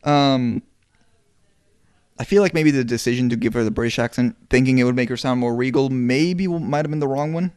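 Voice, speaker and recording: A man in his twenties co-hosting a casual podcast, talking bluntly with some swearing while his voice goes hoarse. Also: medium pitch, brisk, darkish tone, dry recording, clean studio sound. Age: 20s. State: voice going hoarse. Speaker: podcast co-host. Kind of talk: casual chat.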